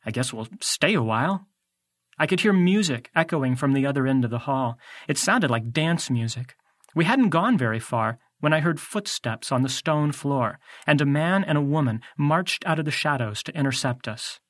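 A male audiobook narrator telling the story in the first person, wry and conversational. His voice sits somewhat high for a man, and the recording is close and dry with no room sound. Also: lively intonation, moderate pace, a bit bright, no room sound.

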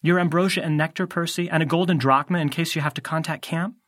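A man's voice: fairly high pitch, fairly even intonation, fast, a bit bright, pitched above the performer's own voice, lightly acted. A man doing a fussing, caring mother. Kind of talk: audiobook character voice.

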